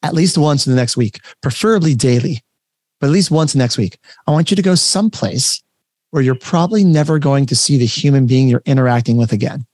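A man coaching a workshop over a video call, talking in an energetic, conversational and emphatic way. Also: mid-range voice, fairly quick, dry recording, clean studio sound. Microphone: webcam setup, facing camera.

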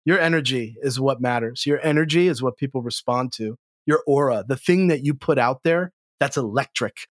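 Energetic, blunt man with a dry, close sound. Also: moderate pace, hardly any pauses, no echo. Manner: energetic and blunt, swears freely, jumps high in pitch for emphasis. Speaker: sales trainer, podcast guest. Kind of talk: casual interview chat.

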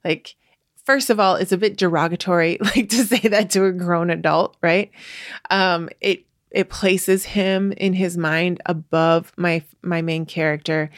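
A woman's voice: on the low side, dry recording, clean studio sound. A woman hosting a podcast, giving writing advice in a chatty, casual way with many fillers, restarts and light laughs. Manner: laughs lightly while explaining. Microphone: podcast mic.

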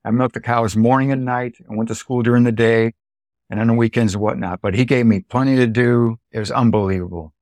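Older man from Illinois, dairy farmer, animated storyteller, dry close recording. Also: medium pitch, a little fast, no room sound. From Illinois, United States. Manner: animated storyteller, acts out quoted dialogue. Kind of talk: storytelling interview.

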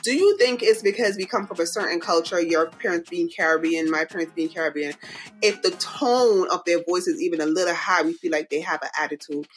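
An American woman guest talking casually on a podcast, in a somewhat low voice. She speaks reflectively and laughs often. Faint music sits quietly under the conversation. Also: fairly quick. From United States.

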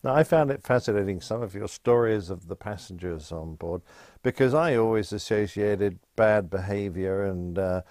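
A man's voice: lowish voice, moderate pace, few pauses, darkish tone, no room sound, studio quality. A man interviewing a guest in a chatty, agreeable way. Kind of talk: conversational interview.

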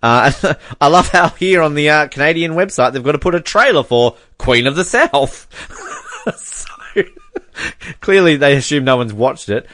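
A man's voice: on the high side, expressive, measured pace, a bit bright, dry recording. Laughing, chatty man. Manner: chatty, laughs often, reads fan messages aloud. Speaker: podcast co-host. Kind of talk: casual chat.

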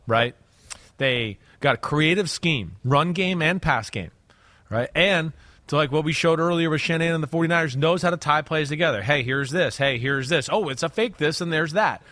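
Relaxed middle-aged man breaking down football. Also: on the high side, moderate pace, no echo. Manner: relaxed, rambling, fillers and "right?". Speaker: podcast co-host, former player. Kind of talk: casual sports analysis chat.

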